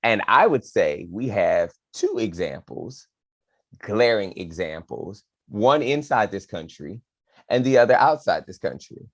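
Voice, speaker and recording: A man with a fairly low voice talks through politics in a relaxed, animated way. He is a podcast co-host who tosses playful asides to his partner. The sound is dry and close. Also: a little slow, no echo. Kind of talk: casual political discussion.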